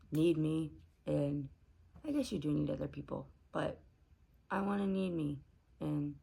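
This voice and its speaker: A woman's voice: low voice, vocal fry, darkish tone, breathy edge, low-quality recording. A woman chatting casually to camera before bed, rambling and candid with lots of fillers. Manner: rambling, candid, self-talk with many fillers. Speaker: vlogger. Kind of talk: casual bedtime talk to camera.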